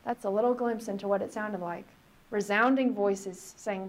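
A woman pastor reading scripture aloud and preaching in a reflective, conversational way, slowing down for emphasis. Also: medium pitch.

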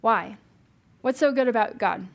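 A woman's voice: fairly high pitch, unhurried, vocal fry. A young woman leading a casual Bible study, talking informally, asking the group questions and laughing easily.

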